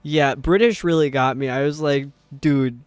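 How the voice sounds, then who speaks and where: A young man with a strong New York accent rambles on a live game stream, full of "like" and "um". His voice sits a touch high and sounds smooth and clear. It is recorded close and dry, with faint game music underneath. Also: moderate pace, dry recording. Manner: rambling and chatty, with frequent fillers. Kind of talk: casual chat while gaming.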